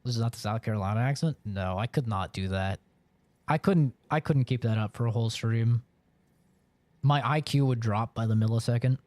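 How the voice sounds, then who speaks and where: A male live streamer chatting casually with his audience, rambling through his thoughts with plenty of filler words. His voice sits at an ordinary pitch, and the sound is close and dry, with no room around it. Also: normal speed, a little mellow, no echo.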